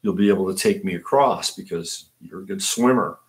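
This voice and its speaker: A man voicing a scheming scorpion in a told fable, calmly reasoning to persuade. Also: deep voice, fairly quick. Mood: persuasive. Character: scheming scorpion, calm and sly.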